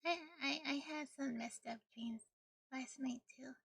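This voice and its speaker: Young woman streamer, high, slow and gravelly, close and dry; bubbly, giggly chat. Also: fairly even intonation, a bit bright, no echo. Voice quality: morning voice, a little rough. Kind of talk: casual live-stream chat.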